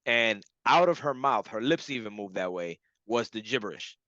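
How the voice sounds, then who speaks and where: A young man recounts a strange personal experience in a relaxed, animated way, laughing and acting out what others said. His voice is bright and forceful. The recording is dry and a bit dull, with a lo-fi feel. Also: on the low side, normal speed, no room sound. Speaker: hypnotherapy client. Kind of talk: casual storytelling testimonial.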